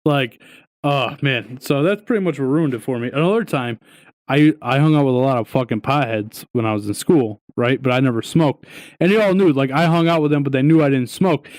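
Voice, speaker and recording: Profane, animated male podcast storyteller. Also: medium pitch, a little fast, no echo. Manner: profane, animated storytelling with lots of "dude" and "right?". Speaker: podcast co-host. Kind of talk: casual storytelling chat.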